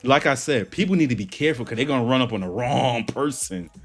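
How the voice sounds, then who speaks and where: A man's voice: medium pitch, lively intonation, fast talker, soft background music. A man hosting a reaction channel, giving blunt, heated commentary and repeating his points for emphasis.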